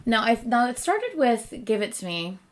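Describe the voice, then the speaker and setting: A woman's voice: fairly high pitch, big pitch swings, moderate pace. A woman hosting a reaction video, talking casually and rambling with lots of fillers, often laughing at herself. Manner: chatty, rambling with many fillers; self-deprecating, laughs often.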